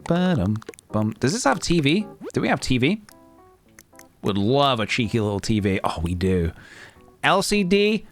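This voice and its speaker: A man's voice: mid-range voice, big pitch swings, normal speed. Playful man streaming a game. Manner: playful, rambling, with sing-song noises. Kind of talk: casual live-stream chat while playing a game. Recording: faint guitar music behind.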